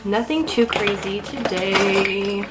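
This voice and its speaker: A woman's voice: medium pitch, slow, rough recording. Chatty young woman doing a makeup vlog. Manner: chatty, self-mocking, talks while doing makeup. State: out of breath. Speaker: beauty vlogger. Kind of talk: casual get-ready-with-me makeup chat. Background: faint background music.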